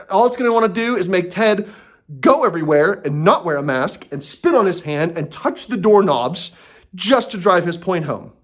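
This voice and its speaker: A man's voice: sits high, fairly bright tone. A man delivering an angry, profane and sarcastic comedy rant from home, talking to himself and breaking off mid-thought. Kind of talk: ranting comedy monologue.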